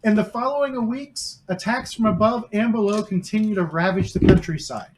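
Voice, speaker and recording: A man with a high voice narrates a tabletop game as game master, telling the scene like a story and restarting phrases here and there. The stream audio carries a clear layer of noise. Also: normal speed. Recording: noisy home stream audio.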